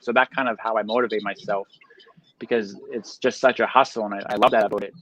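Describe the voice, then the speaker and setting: Energetic man on a call, from Canada. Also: on the low side, fast talker, highs cut off, slight background noise. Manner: energetic, loose slangy talk, many fillers. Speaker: guest, reseller. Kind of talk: casual interview chat.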